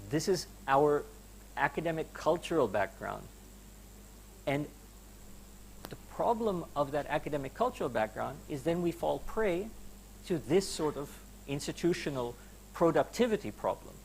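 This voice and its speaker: A man's voice: on the high side, lively intonation, moderate pace, creaky, pauses often, a little hiss or hum. Emphatic male university lecturer. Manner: emphatic, poses rhetorical questions to students; conversational asides, some hesitation fillers. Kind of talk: academic lecture. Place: lecture hall.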